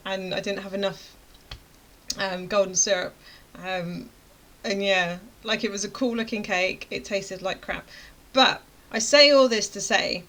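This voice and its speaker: A woman's voice: medium pitch, fairly bright tone. A woman in her thirties, a course creator, telling a chatty story to camera and acting out her own reactions. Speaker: web design course creator.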